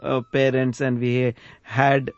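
A man's voice: mid-range voice, level tone, slow, no room sound, muffled recording. A man reminiscing in casual conversation, thoughtful and hesitant with fillers. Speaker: conversation partner.

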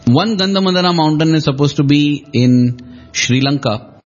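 A man's voice: on the high side, moderate pace, highs cut off, soft background music. A man in a devotional discussion, retelling scenes reflectively and acting out quoted lines with shifting emphasis.

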